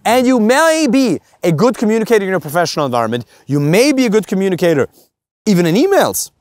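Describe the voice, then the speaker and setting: A man's voice: high-pitched, sing-song, fast, a little mellow, no echo, studio quality. A man with a German accent, a dating coach giving a blunt, emphatic talk to camera, full of rhetorical questions. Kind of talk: direct-to-camera coaching monologue.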